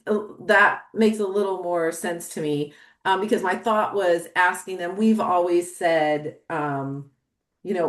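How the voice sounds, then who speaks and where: A woman attending a webinar, asking a question hesitantly with many fillers. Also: fairly low pitch. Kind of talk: casual question. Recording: echoey room.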